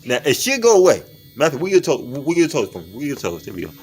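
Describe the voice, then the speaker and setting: Relaxed, coaxing male street interviewer. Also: mid-range voice, fast talker, breathy edge. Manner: relaxed, coaxing, counts out loud. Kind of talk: casual chat. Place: outdoors in public.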